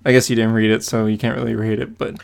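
A man's voice: on the low side, little pitch movement, fast, creaky, smooth. A man co-hosting a podcast, casually recapping a comic book issue with lots of fillers and laughs. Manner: rambling, many fillers, laughs while retelling. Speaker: podcast co-host.

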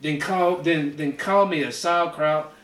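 A man co-hosting a podcast, telling a profane story in animated casual chat and hammering his punchlines. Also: on the high side, measured pace, echoey room. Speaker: podcast co-host.

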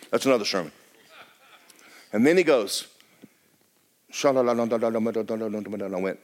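Animated preaching man, lively pitch. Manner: animated preaching, swinging from hushed to shouting. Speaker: pastor. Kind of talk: storytelling sermon. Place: church sanctuary.

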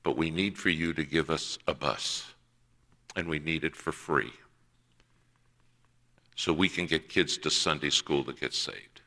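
A man's voice: a bass voice, measured pace, pauses often, pushed and bright. A man preaching a sermon, telling a personal story and acting out the voices of the people in it.

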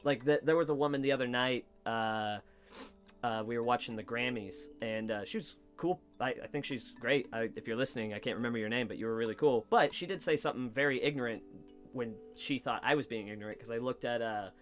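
A man hosts a casual comedy podcast from a basement studio, speaking fairly quickly in a medium-pitched voice. He rambles and swears often, animatedly acting out little exchanges. Soft music plays in the background.

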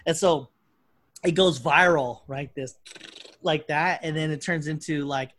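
A man's voice: a little high, steady tone, fairly bright tone, dry recording, clean studio sound. A man hosting a casual podcast chat, rambling and swearing freely, often restarting his sentences. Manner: rambling, profane, with quick restarts. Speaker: podcast host.

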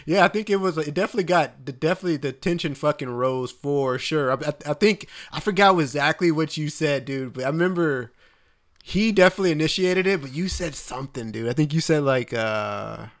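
A man co-hosting a podcast in casual chat, teasing his partner and talking in a halting way with fillers. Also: fairly high pitch. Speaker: podcast co-host.

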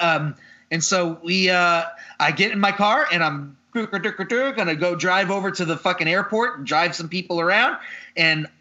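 A man on a podcast tells a story in casual chat, exasperated and freely swearing. His voice is very bright and sits a little high. The audio is slightly dull and lo-fi. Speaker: podcast host.

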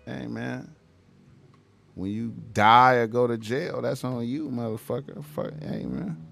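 A man's voice: medium pitch, fairly even intonation, a little slow, gravelly, a bit bright, soft background music. A young man, ranting casually and profanely, repeating himself and tacking "man" onto his lines. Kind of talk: casual rant to camera.

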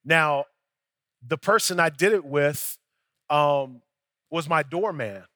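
A man's voice: on the high side, slow, sharp tone, dry recording. A young adult male pastor preaching a sermon in a conversational storytelling way, acting out both sides of his dialogues.

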